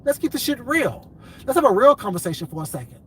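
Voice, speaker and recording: Confrontational and profane, a commentary vlogger with a high, sing-song voice rants quickly at his audience, hammering one point again and again. Poor audio quality and a faint hiss of background noise come through beneath him.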